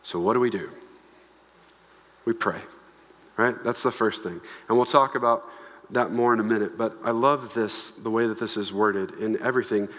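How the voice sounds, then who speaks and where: A man in his thirties preaching a sermon from the stage in a conversational, animated way, with playful asides to the congregation. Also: lowish voice, normal speed. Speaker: pastor. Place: church hall. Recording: long echo of a church hall.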